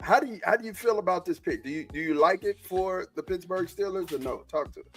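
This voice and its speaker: A man co-hosting a live sports podcast, energetic and hyping up the group. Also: sits high, fast, slightly rough, soft background music. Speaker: podcast co-host. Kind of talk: casual sports chat.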